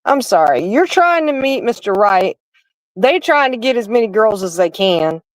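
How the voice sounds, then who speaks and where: A middle-aged woman hosts a livestream, chatting casually and telling stories directly to her viewers. Her medium-pitched voice is very animated and moves at a moderate pace. The recording is dry and low in quality.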